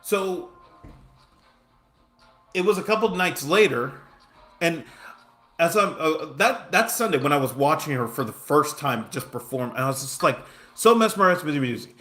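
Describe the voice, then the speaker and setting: A man's voice: a little high, expressive, moderate pace, long pauses, pushed and bright, soft background music. A man chatting casually on a livestream, telling a rambling story full of fillers and restarts while reacting to his game. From Southern California. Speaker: game streamer.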